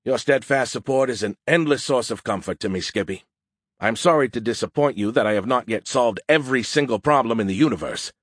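A man's voice: medium pitch, fairly quick, no room sound, natural voice. A man playing a weary, sardonic human soldier in an audiobook, speaking dryly. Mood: wry. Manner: dry and sardonic. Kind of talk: audiobook dialogue.

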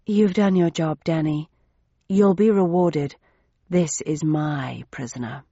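A woman's voice: lowish voice, measured pace, mellow, no room sound, lo-fi sound. A woman reader voicing an arrogant female impostor who sneers and snarls curtly. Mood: sneering. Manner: sneering, curt.

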